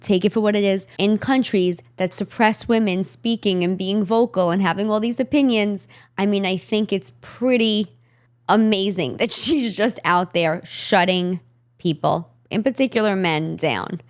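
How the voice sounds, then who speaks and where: A woman's voice: mid-range voice, normal speed. Brash New York woman podcaster. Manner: brash, chatty, emphatic. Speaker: podcast host. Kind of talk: casual chat.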